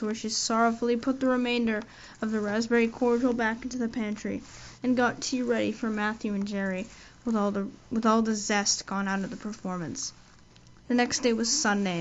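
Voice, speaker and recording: A woman reading a classic novel aloud as audiobook narration, in steady, measured storytelling. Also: fairly high pitch, a little hiss or hum. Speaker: audiobook reader. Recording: dull lo-fi audio.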